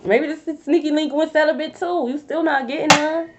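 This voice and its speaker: A woman's voice: sits high, normal speed, dull audio, slight background noise. A woman doing a casual tarot reading to camera, blunt and profane, full of slang and repeated phrases. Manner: blunt, profane, animated slang-heavy delivery. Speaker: tarot reader.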